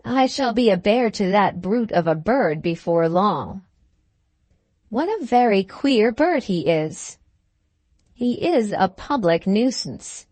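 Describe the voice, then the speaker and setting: Earnest, gruff-but-kind gentleman, read by a woman narrator; plain, close, dry delivery. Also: mid-range voice, sing-song, slow, no echo.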